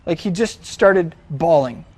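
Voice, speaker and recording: A man's voice: a little high, expressive, measured pace, darkish tone. A man retelling a story in a chatty, informal way, with frequent restarts and fillers. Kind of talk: casual storytelling.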